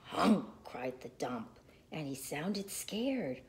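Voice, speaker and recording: Slow, lively read-aloud mother. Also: on the low side, a little hiss or hum. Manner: slow, animated, sing-song reading. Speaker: storyteller reading aloud to children. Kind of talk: picture-book read-aloud.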